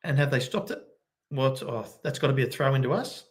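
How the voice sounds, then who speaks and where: A man giving excitable live play-by-play commentary as a fan watchalong host, keeping his voice down at home late at night. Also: medium pitch, a little fast. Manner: excitable, bursts into loud cheering; kept quiet since it is night at home. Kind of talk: live match commentary for viewers.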